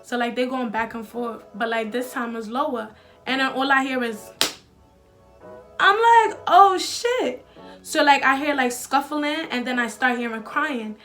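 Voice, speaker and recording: A young woman tells a storytime, with a fairly high voice and loose, slangy talk packed with filler likes and swearing. Faint music plays under her. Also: fairly even intonation, moderate pace, bright, forceful tone. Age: young adult. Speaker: vlogger. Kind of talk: casual storytime.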